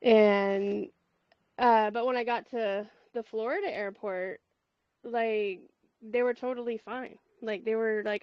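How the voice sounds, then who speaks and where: A woman's voice: fairly high pitch, steady tone, slow, dry recording. A woman chatting bluntly on a group call, laughing as she tells stories. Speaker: call participant. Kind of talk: casual chat. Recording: dry, dull call audio.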